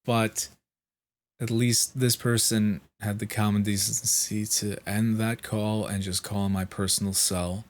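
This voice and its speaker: A man's voice: lowish voice, level tone, measured pace. Feverish, exasperated New man. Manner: profane, exasperated, mimics the people he spoke to. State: sick with fever, clears throat and coughs. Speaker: vlogger. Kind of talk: casual storytelling rant.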